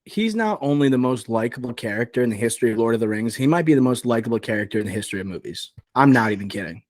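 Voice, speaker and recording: A man's voice: mid-range voice, expressive, very fast, darkish tone, no echo. A man hosting a casual podcast, talking about films with enthusiasm and a rambling, emotional way of speaking. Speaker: podcast host. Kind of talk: casual movie chat.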